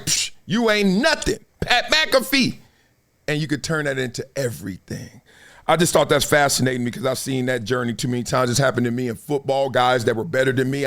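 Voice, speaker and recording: A man's voice: mid-range voice, fairly bright tone. A middle-aged man hosting a podcast, talking in laid-back slang about sports figures. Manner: laid-back slangy talk, breaks into freestyle rap. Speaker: podcast host. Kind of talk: casual commentary.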